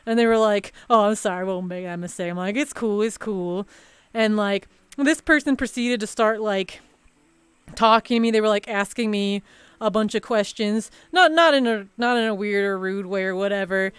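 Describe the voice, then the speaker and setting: A woman's voice: medium pitch, normal speed, clear, resonant tone, no room sound. A woman streamer telling a story in a casual, rambling chat full of fillers and restarts.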